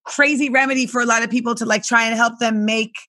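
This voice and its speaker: A woman journalist interviewing a guest in casual chat, halting and full of filler words. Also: a little high, steady tone, pushed and bright.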